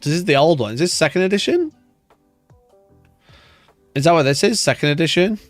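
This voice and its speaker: A man's voice: fairly high pitch, animated, fairly quick, dry recording, faint music behind. A man hosting a wargaming live stream, ranting in mock outrage and swearing as he reads and reacts. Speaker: wargaming channel host. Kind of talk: casual live-stream chat.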